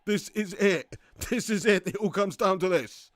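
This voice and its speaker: A young man streaming a football game, excitable and loud, laughing and swearing as he cheers and reads out chat. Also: high-pitched, normal speed. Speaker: gaming streamer. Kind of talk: live-stream commentary and chat reading.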